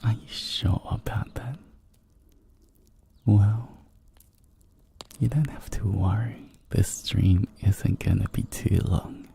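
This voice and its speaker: A man in a whispered ASMR stream speaks in a low, gravelly hush with a dark, mellow tone. He teases in a soft, playfully domineering way, drifting slowly from one ear to the other of a binaural mic. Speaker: VTuber streamer.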